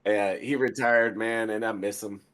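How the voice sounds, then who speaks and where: A man who is a guest on a gaming podcast, talking in a relaxed, chatty way with lots of fillers. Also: lowish voice, normal speed. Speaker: podcast guest, military veteran. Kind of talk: casual gaming podcast chat.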